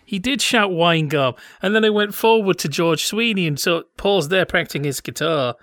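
Male co-host, fairly high and bright, playful and giggly, dry close mic. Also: normal speed, no echo. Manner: jokey, laughs often, playful tangents. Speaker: podcast co-host. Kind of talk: casual chat.

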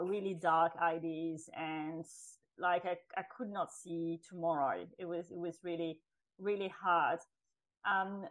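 A woman's voice: fairly low pitch, rough recording. A middle-aged woman, a podcast guest, telling her personal story in a chatty way, with restarts and laughs. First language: French. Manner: chatty, with restarts and laughs, acts out her past self in quotes. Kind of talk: personal testimony in an interview.

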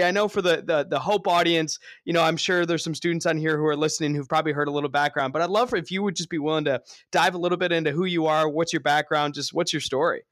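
A man's voice: on the high side, steady tone, quick pace, hardly any pauses, a bit bright, no room sound, clean studio sound. A young man hosting his podcast in a casual, enthusiastic way, with plenty of fillers. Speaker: podcast host. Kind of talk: upbeat podcast chat and ad read.

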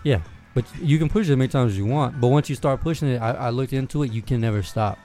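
A man's voice: medium pitch, fast talker, mellow, faint music behind. A young man hosting a casual chat, laid-back, laughing often and swearing freely.

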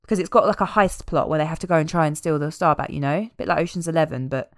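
Casting note: woman, slightly low, dry close sound, chatty and wry. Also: very fast, dry recording. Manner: chatty, animated, tangents with wry asides. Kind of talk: casual chat recapping a film.

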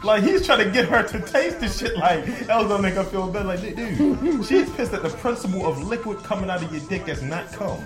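Male podcast co-host, lively pitch, slangy storyteller, echoey room, music bed. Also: a little fast, few pauses. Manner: animated storytelling with lots of impressions. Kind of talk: casual explicit podcast banter.

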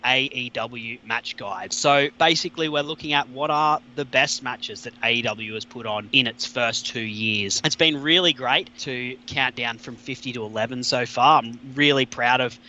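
A very bright, ringing voice from an Australian man running his podcast. He talks in an upbeat, chatty way, full of casual slang, presenting each segment. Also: medium pitch, moderate pace, few pauses, lo-fi sound, a little hiss or hum. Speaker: podcast host.

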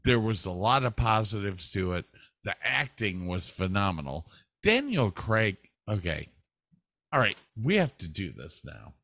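A man co-hosting a casual chat, asking his partner questions at an unhurried pace. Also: lowish voice, very animated, fairly bright tone, dry recording, studio quality. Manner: leads with questions, slow and drawn out.

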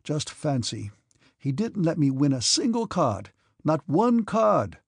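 A man voicing a gruff, hot-tempered young hussar officer who shouts and cannot pronounce his R's, in a storybook reading. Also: on the high side, sing-song, unhurried, dry recording, studio quality, exaggerated voice. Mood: rueful blustering.

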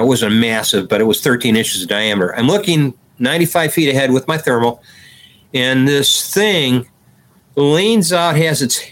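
Male podcast guest, mid-range voice, animated storyteller who acts out quoted dialogue. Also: mid-range voice. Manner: detailed, recounting step by step with restarts. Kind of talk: conversational storytelling.

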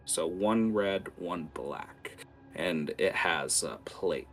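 A man's voice: low voice, takes it slowly, fairly bright tone, faint music behind. A man running a tabletop game as game master, narrating scenes vividly with many fillers.

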